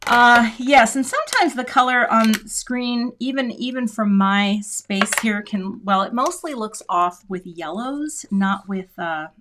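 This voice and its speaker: A middle-aged woman with a medium-pitched, fairly bright voice hosts a casual crafting livestream. Working on her project, she thinks aloud and chats with the people watching.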